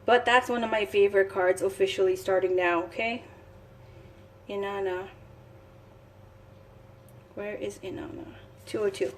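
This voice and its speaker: A woman in the middle of a casual tarot reading, her voice sitting at an ordinary mid pitch. She moves between reading card passages aloud and chatting as she thinks aloud, with plenty of enthusiasm. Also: fairly even intonation, a little slow, long pauses, slight background noise. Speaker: tarot reader.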